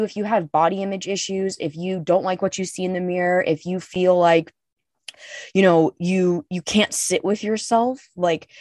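A young woman co-hosts a casual podcast chat, speaking candidly and emphatically and swearing freely. Her voice is on the low side with a darkish tone, captured in a dry, studio-quality recording.

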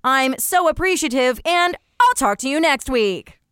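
A woman's voice: high-pitched, animated, a little slow, a bit bright, no room sound, clean studio sound, pitched above the performer's own voice. A woman voicing a peppy female TV news reporter with a nasal, formal delivery. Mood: chirpy, formal.

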